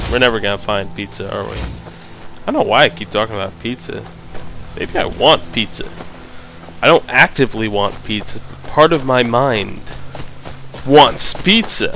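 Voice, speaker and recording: A man's voice: on the low side, expressive, a little slow, gravelly, long pauses, pushed and bright, soft background music. A man giving casual, joking commentary while playing a game, often mocking himself and going off on silly tangents. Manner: goofy, joking, self-mocking. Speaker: let's play gamer.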